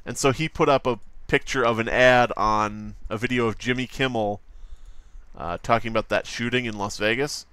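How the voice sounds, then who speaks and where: A man's voice: medium pitch, steady tone, moderate pace, fairly bright tone, clear, resonant tone, no echo. A man chatting casually on a live stream while drawing at his desk at home, rambling, jokey and profane, often slipping into mock voices.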